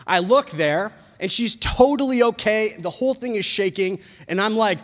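A man with a high voice preaches a casual youth sermon. He talks in an animated, rambling way and says "like" constantly. His voice rings through a large, reverberant church hall. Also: normal speed, few pauses. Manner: animated, rambling, heavy use of "like".

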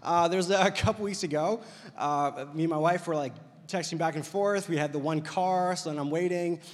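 A man with a high, bright-toned voice preaches casually to his congregation. He tells his stories in an animated, rambling way, with plenty of "like" fillers. His voice carries a long reverb from a large hall. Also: fairly quick. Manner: animated storyteller, heavy use of "like". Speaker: pastor. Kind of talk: casual conversational sermon.

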